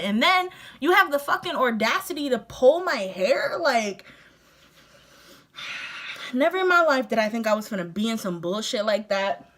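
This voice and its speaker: A young woman vlogger telling a story casually while doing her makeup, animated and profane, laughing often. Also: on the high side.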